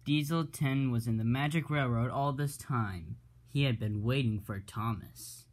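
A man's voice: mid-range voice, a little slow, few pauses, faint music behind. Man narrating a simple toy-train story. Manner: plain, simple retelling.

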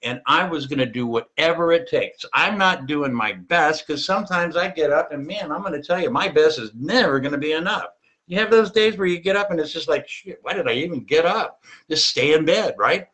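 A man's voice: a little high, fairly quick, fairly bright tone. A middle-aged man hosting a personal finance show, giving a punchy, emphatic motivational monologue with casual swearing.

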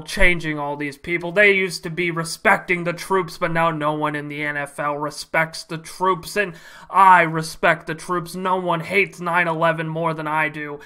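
A man's voice: a little high, pushed and bright, smooth. A man doing a pompous boycotting sports fan. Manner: self-important, stiff declarations. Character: indignant male fan boycotting the league.

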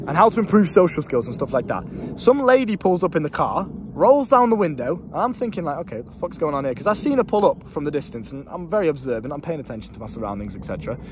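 A man's voice: on the high side, very animated, fast talker, slight background noise. A young British man and life coach, talking casually to a handheld camera, swearing freely and rambling.

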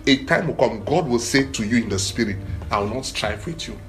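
A man preaching a sermon in an animated, emphatic way, with short phrases repeated for emphasis. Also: brisk, soft background music. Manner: animated, emphatic preaching that swells in pitch and volume.

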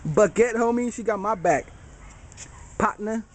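Man, high lively voice, playful mock-offended ribbing, faint background noise. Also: measured pace. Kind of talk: casual joking banter among friends.

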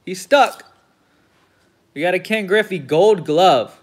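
A man with a high voice hosts a card break, reading off each player's name at an unhurried pace. He swears casually and perks up when a big card turns up. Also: expressive. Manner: reels off player names, gets hyped at big pulls, swears casually. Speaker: host of a card break stream. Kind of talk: casual commentary while opening card packs.

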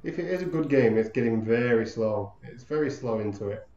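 Let's-player, mellow, joking and profane, dull-sounding mic. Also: male voice, mid-range voice, animated, brisk, roomy sound. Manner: swearing, joking banter at the game. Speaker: gamer. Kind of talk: let's play commentary. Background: game music.

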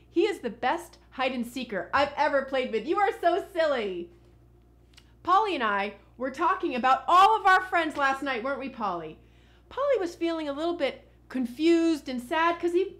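A woman teacher leading a children's lesson with a puppet and a storybook, animated and sing-song. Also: high-pitched.

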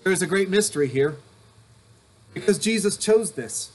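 A man's voice: high-pitched, expressive, normal speed, slightly rough. A male pastor giving an earnest, emphatic sermon recorded at home, returning to repeated refrains. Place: home during a thunderstorm.

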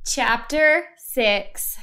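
A woman reading a children's storybook aloud in an expressive, slow read-aloud style. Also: a little high, clear, resonant tone. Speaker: storybook reader.

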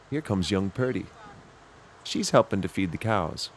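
A man's voice: low voice, big pitch swings, unhurried, gravelly. A man narrating a children's video, pointing things out to young viewers in a sing-song way.

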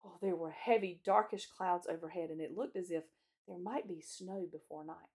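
A woman, a children's chapel teacher, reading a storybook aloud in a gentle, clear way. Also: fairly low pitch, normal speed.

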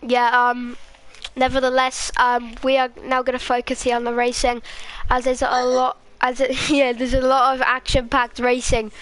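A woman with a Scottish accent giving live race commentary in a halting, rambling way, full of fillers. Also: high-pitched, monotone, fairly bright tone. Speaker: sim racing commentator.

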